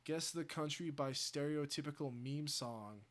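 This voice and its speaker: A man's voice: on the high side, unhurried. A man livestreaming, rambling casually with crude language and laughing asides. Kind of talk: casual chat.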